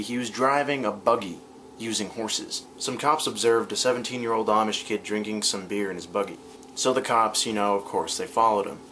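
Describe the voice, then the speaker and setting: A man delivers comedic news commentary to his vlog audience in a somewhat low voice. His rants are animated, sarcastic and full of profanity. A faint hiss sits under the recording. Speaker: vlogger.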